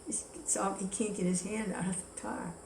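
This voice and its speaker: A woman teaching a devotional scripture class, telling a story in a relaxed, chatty way. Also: medium pitch, moderate pace, vocal fry. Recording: echoey room with faint ambience.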